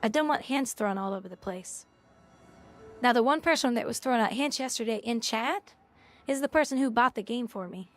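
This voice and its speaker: A woman's voice: a little high, a little fast. A woman game streamer talking casually to her chat, bluntly scolding viewers and swearing now and then.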